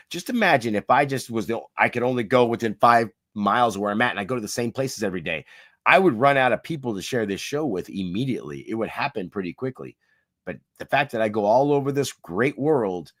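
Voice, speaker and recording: A man of medium pitch co-hosting a podcast, speaking earnestly about life and purpose. His tone is reflective and motivational, easygoing in casual chat. The recording is close and dry. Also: dry recording. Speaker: podcast co-host.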